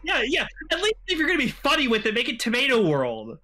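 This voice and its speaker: The voice of a man with a bright, lively tone, set fairly high for his sex. He chats casually on a fan podcast, swears often and breaks into short impressions of characters. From Canada. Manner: animated, acts out characters in quick impressions. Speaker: podcast co-host.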